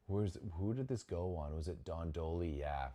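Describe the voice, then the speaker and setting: Young man, very deep voice, casual live commentary, sudden excited exclamations, restarts phrases. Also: moderate pace, a little hiss or hum. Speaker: watch-along host.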